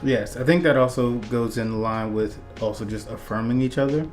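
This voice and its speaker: A man's voice: medium pitch, normal speed, a little mellow, faint music behind. A man co-hosting a casual relationship chat who backs up his partner's points in a supportive, affirming way. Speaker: co-host of a couples channel.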